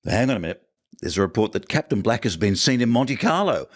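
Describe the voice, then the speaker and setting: A man's voice: fairly low pitch, sing-song, fast talker. A man hosting a podcast, reviewing an episode in a wry, joking commentary and firing off rhetorical questions. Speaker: podcast host.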